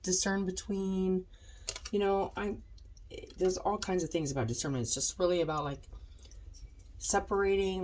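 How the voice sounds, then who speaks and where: A woman's voice: fairly low pitch, fairly even intonation, moderate pace, long pauses, a little mellow. A woman doing a casual tarot reading with a stuffed-up, nasal voice, rambling with many ums and likes. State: stuffed-up nose. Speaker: tarot reader.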